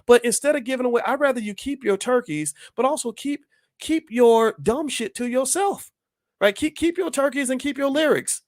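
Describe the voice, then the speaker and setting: A man's voice: extremely high pitch, normal speed, no room sound, clean studio sound. A man hosting his own channel, delivering an impassioned opinion monologue full of emphatic rhetorical questions. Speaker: channel host.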